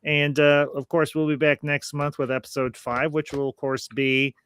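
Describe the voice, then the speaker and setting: Bright, clear-voiced male podcast host. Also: fairly high pitch, flat delivery, normal speed. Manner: rambling, repeats and restarts phrases; friendly sign-off, thanking viewers. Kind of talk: casual podcast chat.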